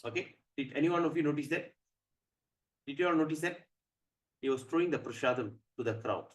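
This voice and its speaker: A man giving a storytelling sermon at a temple, animated and asking the audience questions. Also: a little high, brisk, reverberant. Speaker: temple speaker.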